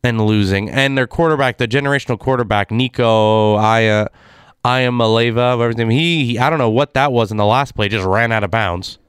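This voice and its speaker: Man, casual sports rant, exasperated, smooth clear voice, dry close sound. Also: mid-range voice, brisk, no room sound. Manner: exasperated, ranting. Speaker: sports commentator.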